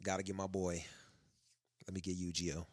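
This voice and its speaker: A man's voice: sits low, level tone, moderate pace, darkish tone, no room sound, studio quality. A young man chatting casually among friends, in laid-back slang with frequent restarts. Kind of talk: casual chat.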